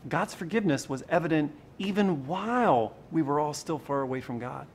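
A man preaching a sermon in a conversational, animated way, with sudden shifts in loudness for emphasis. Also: on the high side, moderate pace, slight background noise. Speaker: pastor.

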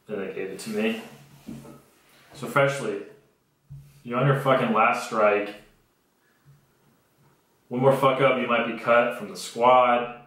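A man's voice: fairly low pitch, a bit bright. Sarcastic young man in an echoey room. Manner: blunt, profane, sarcastic storytelling. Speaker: podcast host. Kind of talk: casual comedic podcast monologue. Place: homemade home studio.

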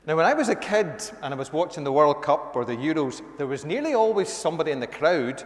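A man's voice: fairly high pitch, big pitch swings, fast. A man, a minister giving a conversational sermon with emphatic rises. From Northern Ireland. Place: church. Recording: echoey church hall.

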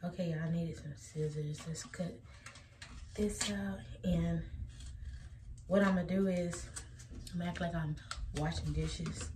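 A woman's voice: fairly low pitch, fairly even intonation, unhurried, long pauses, a little mellow. A woman vlogging casually to camera, chatting to her viewers and calling them y'all. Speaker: family vlogger. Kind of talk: casual vlog chat to camera. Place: car, then store aisles and home. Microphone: handheld phone camera. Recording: noisy handheld phone audio.

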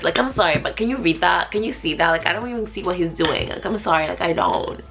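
Gravelly-voiced woman chatting in a vlog. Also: on the low side, lively intonation, quick pace, a bit bright. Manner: profane, chatty, thinking aloud. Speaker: vlogger. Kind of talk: casual vlog chat.

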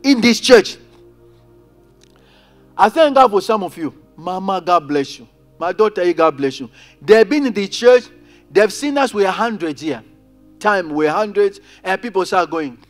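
A man preaching a sermon as pastor, calling out to his congregation and swinging between loud emphasis and quiet asides. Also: high voice, lively intonation, a little slow, long pauses, faint music behind. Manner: preaching with rising and falling intensity, addressing congregation directly. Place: church.

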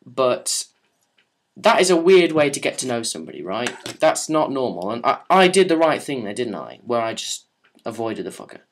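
This young vlogger, very animated at a moderate pace and mid-range in pitch, casually tells a story and responds to viewers' questions, sarcastic and rambling, with frequent swearing and restarts.

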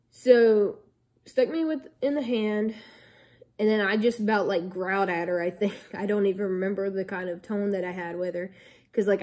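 Young woman vlogging, rambly storytime, lots of likes and ums, soft warm tone. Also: medium pitch. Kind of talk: casual storytelling to camera.

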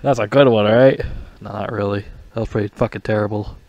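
A man's voice: on the low side, steady tone, fairly quick, a little mellow, no echo, highs cut off. A man giving a casual, rambling movie review, swearing often, mocking people and stumbling over his words. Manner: profane, rambling, mocking, frequent restarts.

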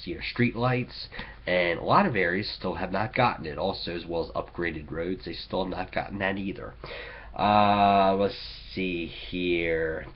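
A man's voice: deep voice, breathy edge, dull audio. A man hosting a political commentary show, sarcastic and mocking toward local officials. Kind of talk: opinionated commentary.

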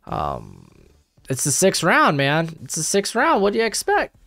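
Animated young man rambling through picks. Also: high voice, a little slow, dry recording, clean studio sound. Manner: rambling, self-correcting, animated. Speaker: YouTube mock draft host. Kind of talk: casual live commentary.

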